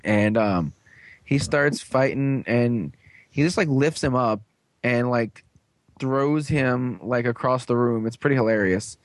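A man's voice: mid-range voice, a little slow, no room sound. Young man rambling through a sarcastic recap. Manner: rambling, filler-heavy, sarcastic. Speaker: show host. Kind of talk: casual episode recap.

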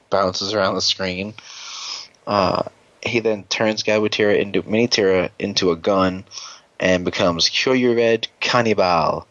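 A man's voice: sits low, fairly bright tone, no room sound, highs cut off. A man hosting a podcast, casually recapping an episode in a rambling, joking way with plenty of swearing. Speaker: podcast host.

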